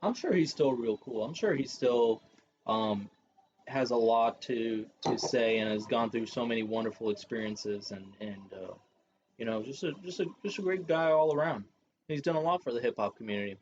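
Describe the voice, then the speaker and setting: Young male co-host, earnest and musing, mid-pitched voice, muffled lo-fi recording. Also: normal speed, a little hiss or hum. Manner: earnest, musing, trails off softly. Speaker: podcast co-host. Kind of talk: casual podcast banter. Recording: dull lo-fi home podcast mic.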